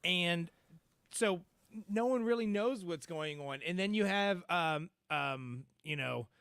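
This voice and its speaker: A man's voice: high-pitched, lively intonation, slow, a bit bright, clear, resonant tone, no room sound, studio quality. A man co-hosting a podcast, chatting casually about a TV episode with many fillers and restarts. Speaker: podcast co-host. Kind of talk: casual episode review chat.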